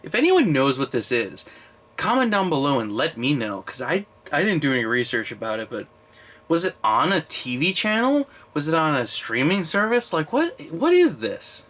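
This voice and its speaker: A man in his twenties chatting casually on camera about his movie collection, a little drunk and slurring, rambling and swearing with excitable bursts. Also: a little high, moderate pace. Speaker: collection vlogger. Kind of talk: casual unscripted video review.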